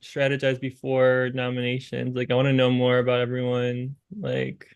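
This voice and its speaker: A man at an ordinary middle pitch chats on a video call as a game contestant. He rambles and stays noncommittal, and his voice sounds dry with no room around it. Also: completely flat delivery, normal speed, clear, resonant tone, no room sound, lo-fi sound. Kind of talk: casual video-call chat.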